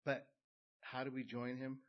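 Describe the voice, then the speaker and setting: A man's voice: completely flat delivery, unhurried. Emphatic preacher, man, lo-fi sound. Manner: builds to loud emphatic peaks, then drops low and quiet. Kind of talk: sermon. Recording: dull lo-fi sound.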